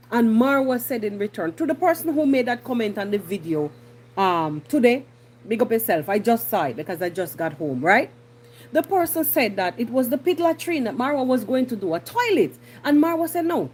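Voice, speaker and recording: A woman's voice: mid-range voice, a little mellow, breathy edge. A woman from Jamaica with a Jamaican accent, hosting a podcast with indignant casual commentary and repeating herself for emphasis. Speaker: podcast host.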